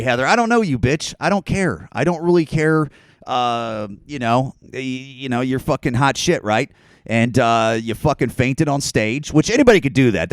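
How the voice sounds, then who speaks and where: A medium-pitched man hosts a podcast alone, ranting casually in a rambling, profane and sarcastic style. The recording is dry.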